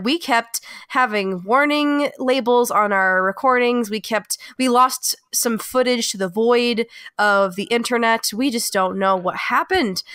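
A woman's voice: on the high side, a bit bright, dry recording, clean studio sound. A woman co-hosting a podcast, explaining the recording problems to listeners in an apologetic but upbeat way. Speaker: podcast co-host. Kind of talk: casual podcast announcement.

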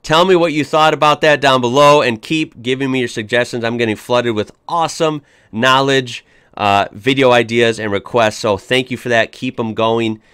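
Hosting a reaction video, this young man from the United States keeps things casual and upbeat, with frequent fillers and false starts. He speaks at normal speed in a smooth, medium-pitched, fairly bright voice with even intonation, and the studio-quality audio has no room sound.

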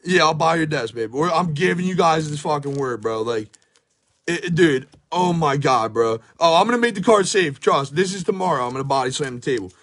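Hoarse, hyped young man ripping card packs. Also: fairly high pitch, lively intonation, a little fast. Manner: frantic, swearing, disbelieving, shouting at times. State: hoarse, voice shot. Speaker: sports card pack breaker. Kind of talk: hyped live pack-opening commentary. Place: at home by a table. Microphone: phone filming.

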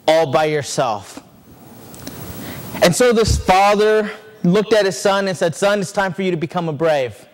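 A male preacher telling a story in a sermon, earnest and building suspense. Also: high-pitched. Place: church sanctuary.

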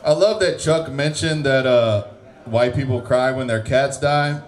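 A man's voice: mid-range voice, a little slow. Rambling, swearing male open-mic host. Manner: rambling, swearing, correcting himself. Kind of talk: casual stage banter. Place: comedy venue stage.

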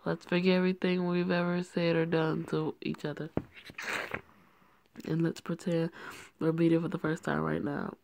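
A reader voicing Fidel, a caring young man, gravelly. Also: medium pitch, completely flat delivery, normal speed, pauses often, noisy background, natural voice. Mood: persuasive. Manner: gently persistent, playful. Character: concerned friendly young man working for the mafia.

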